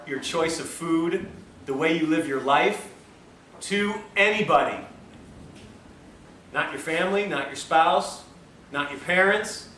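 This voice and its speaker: Animated man lecturing in an echoey room. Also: fairly high pitch, unhurried, long pauses. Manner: animated, acts out dialogue in stories, laughs often. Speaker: health lecturer. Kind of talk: storytelling lecture to a live class. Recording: echoey lecture room, distant mic, faint hiss.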